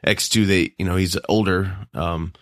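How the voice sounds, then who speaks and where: A man chatting casually over a film as a commentator, joking and quick to throw in impressions. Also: low voice, fairly even intonation, no room sound, studio quality.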